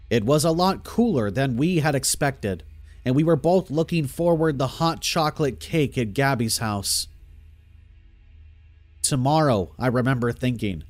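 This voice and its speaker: A man giving scripted narration of a horror story in a steady, even storytelling manner. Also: on the high side. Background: faint music.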